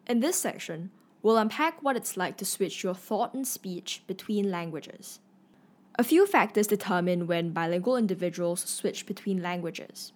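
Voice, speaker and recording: Woman narrator, clear informative read, mid voice. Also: mid-range voice, animated, normal speed. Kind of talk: scripted narration.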